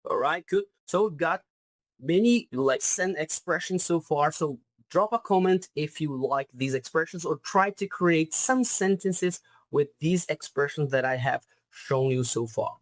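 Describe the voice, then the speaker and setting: A man's voice: a little high, unhurried, no room sound. A man with a Brazilian Portuguese accent teaching British slang in an online lesson, stressing and repeating each key word. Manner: emphatic, repeats key words. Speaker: English teacher.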